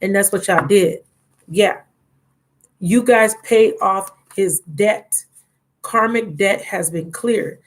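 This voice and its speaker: A woman with a drawl leads a live tarot session. She reads card meanings aloud and talks warmly and familiarly to her viewers in a mid-range voice. Her delivery is loose and conversational. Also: mid-range voice, takes it slowly. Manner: chatty, affectionate, reads card texts aloud. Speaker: tarot reader. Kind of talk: live tarot reading and chat.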